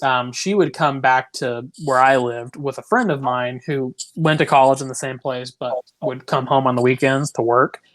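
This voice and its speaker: A young man co-hosting a podcast, telling a long story in casual, rambling fashion, packed with "like" and swearing. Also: medium pitch. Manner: rambling, full of "like", swears freely. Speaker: podcast co-host.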